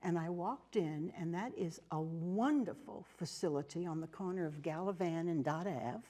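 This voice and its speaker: An older American woman speaks in a lowish, mellow voice. She tells her stories unhurriedly in a TV interview, with fillers and restarts. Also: moderate pace. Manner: warm storytelling with fillers and restarts. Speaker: interview guest, nun and teacher. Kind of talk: casual interview talk. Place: TV studio.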